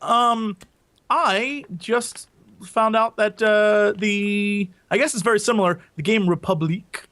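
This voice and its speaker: A man co-hosting a podcast in casual chat, excitable and self-mocking, laughing often. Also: sits high, takes it slowly, no echo. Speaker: podcast co-host.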